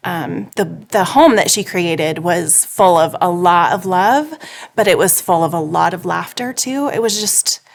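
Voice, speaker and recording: A middle-aged woman speaking at a memorial service, giving a conversational tribute full of remembered anecdotes. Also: lowish voice. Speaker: daughter giving a eulogy.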